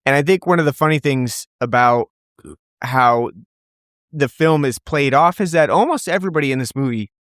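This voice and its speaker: Male podcast co-host, middle pitch, hedging delivery, dry close mic. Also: moderate pace, fairly bright tone, dry recording. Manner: thoughtful, hedging with many fillers. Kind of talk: casual film discussion.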